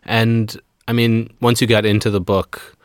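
A man's voice: fairly low pitch, level tone, unhurried, clean tone, dry recording, clean studio sound. A man co-hosting a podcast, telling a story in a rambling, casual way with lots of fillers. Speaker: podcast co-host.

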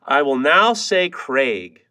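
A man hosting a podcast, loud and profane, laughing and teasing his co-hosts in casual banter. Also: fairly high pitch, lively intonation, moderate pace. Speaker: podcast host.

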